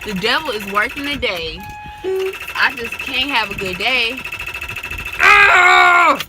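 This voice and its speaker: A woman's voice: a little high, expressive, unhurried. A young woman talking casually to her phone camera in a chatty, slangy, rambling way, partly outdoors by a parked car. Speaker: vlogger. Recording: loud street noise outdoors.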